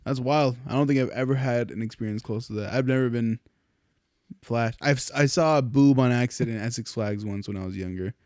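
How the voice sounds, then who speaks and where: Mellow, laid-back young man. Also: medium pitch, brisk, no echo, studio quality. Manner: laid-back, laughs along, swears casually. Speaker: podcast co-host. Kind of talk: casual chat.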